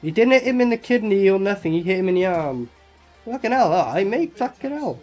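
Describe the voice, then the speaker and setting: A man's voice: sits high, big pitch swings, brisk, a little mellow, faint music behind. A man reviewing a movie in sarcastic, mocking commentary full of swearing. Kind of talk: profane commentary over film clips.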